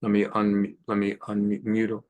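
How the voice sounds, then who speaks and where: A man in his sixties, a rabbi hosting a weekly program, telling anecdotes in a chatty, animated way with frequent restarts. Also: on the low side, unhurried. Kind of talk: anecdotal monologue.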